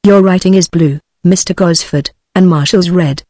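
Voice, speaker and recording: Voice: mid-range voice, normal speed, no room sound, lightly acted. A text-to-speech voice reading the lines of an old foreign doctor with dry wit in an audiobook, with no character voice of its own. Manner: even synthetic reading, no character voice.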